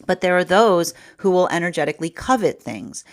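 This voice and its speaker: A woman's voice: lowish voice, fairly quick. A woman giving a spoken tarot reading, rambling, with frequent repeated words and fillers. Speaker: tarot reader.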